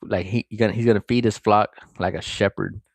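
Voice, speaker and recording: A man's voice: lowish voice, steady tone, brisk, no room sound. A man reading a chapter of scripture aloud and breaking off to comment on it and greet his viewers. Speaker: scripture reader.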